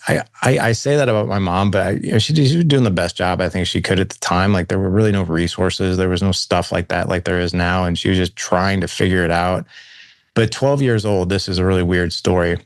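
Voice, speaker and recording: Middle-aged male guest, deep voice, candid storyteller, dry close recording. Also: no echo. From St. Louis, USA. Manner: candid, conversational, acts out quoted dialogue. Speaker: podcast guest. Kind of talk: personal storytelling interview.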